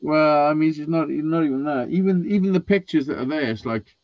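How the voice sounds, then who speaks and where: A man telling sweary, animated stories in a casual chat. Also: fairly high pitch, moderate pace, dry recording, highs cut off.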